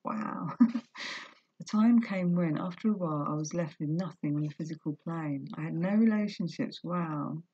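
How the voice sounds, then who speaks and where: A woman with a low, husky voice reads a book aloud on her vlog and pauses for earnest, confessional commentary. The recording is dry and dull, like a lo-fi home setup. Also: dark tone, dry recording. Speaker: vlogger reading a book aloud. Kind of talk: reading aloud with personal commentary.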